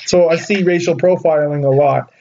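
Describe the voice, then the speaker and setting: Young guy from socal telling a funny story, high voice, lots of likes, kinda muffled audio. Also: normal speed, creaky. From Southern California. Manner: animated, laughing storyteller with filler "like". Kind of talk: casual chat.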